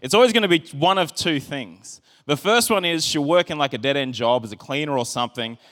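A pastor preaches in a casual, chatty way, often stumbling and restarting mid-phrase. His voice sits a little high for a man. It carries the long reverb of a church hall. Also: brisk, a bit bright. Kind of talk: sermon.

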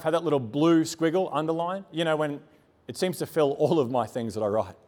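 Male pastor, sermon delivery, earnest storyteller, fairly high-pitched, reverberant church hall. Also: expressive, brisk. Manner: earnest, personal storytelling with emphatic repetition.

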